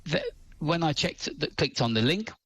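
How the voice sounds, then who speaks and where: A man's voice: a little high, lively intonation, moderate pace, a bit bright, breathy edge. A man, head of a fraud prevention service, speaking as a radio interview guest in an earnest, advisory way. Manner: earnest, advisory, retells with quoted thoughts.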